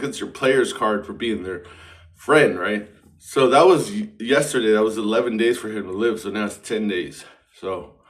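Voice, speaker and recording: A man's voice: mid-range voice, fairly bright tone. A man talking in a rambling, stream-of-consciousness monologue, casual and profane, full of fillers and restarts. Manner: casual, filler-heavy, self-interrupting.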